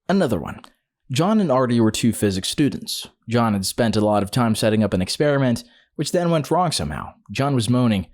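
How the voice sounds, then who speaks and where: A man reads short stories aloud one after another, in a steady, scripted narrator's delivery. His voice sits at an ordinary middle pitch. When he quotes people in the stories, he keeps them in his own voice. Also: fairly quick. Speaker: story narrator.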